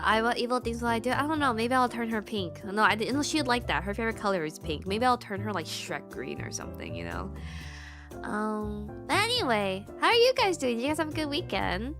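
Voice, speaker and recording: A woman streamer chatting casually to her viewers, rambling with lots of filler words and restarts and swinging between giggly highs and low mumbles. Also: very animated, normal speed, over music. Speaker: VTuber streamer.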